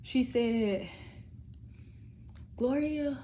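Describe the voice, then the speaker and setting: A woman's voice: sits high, very slow, warm tone, a little hiss or hum. Rambling, profane young woman vlogger. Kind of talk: casual recorded video monologue.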